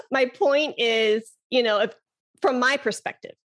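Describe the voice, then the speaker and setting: Casting note: a woman flute teacher as a chatty podcast guest, a bit higher-pitched, quick to laugh. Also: fairly bright tone. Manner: enthusiastic, chatty, laughs often. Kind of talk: casual podcast conversation.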